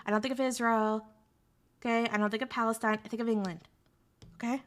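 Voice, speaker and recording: A woman's voice: fairly high pitch, fairly quick, fairly bright tone. A young woman streamer chatting casually with her audience, sarcastic and joking as she answers chat.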